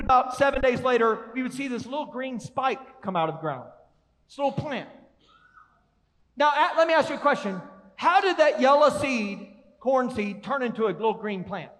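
A man preaches with energy and a strikingly high voice, pulling his congregation into call-and-response. His words carry the long reverb of a large church hall. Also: lively intonation, moderate pace, long pauses, fairly bright tone. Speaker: pastor. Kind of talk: sermon.

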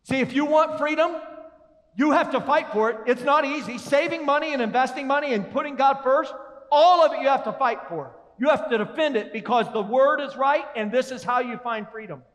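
A male pastor preaching an energetic sermon, calling on the congregation to repeat lines with him. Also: very high-pitched, brisk. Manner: energetic, calls congregation to respond. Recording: long reverb of a large hall.

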